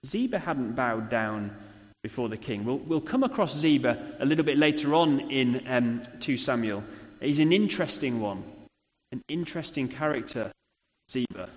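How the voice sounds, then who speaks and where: Conversational preacher in a reverberant hall. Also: male voice, medium pitch, lively intonation, moderate pace. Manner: conversational preaching, rhetorical tag questions. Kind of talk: sermon.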